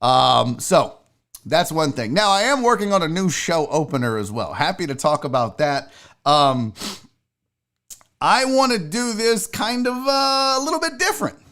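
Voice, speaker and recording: A man's voice: fairly high pitch, lively intonation, a little slow, a bit bright. A man hosting a live show in casual, rambling talk, joking and swearing and talking straight to his chat. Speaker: live show host and comedian.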